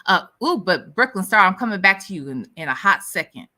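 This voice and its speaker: A woman from the US Midwest with a light Southern accent, hosting a casual livestream chat with viewers in a sassy, animated way and laughing often. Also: mid-range voice, brisk. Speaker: livestream host.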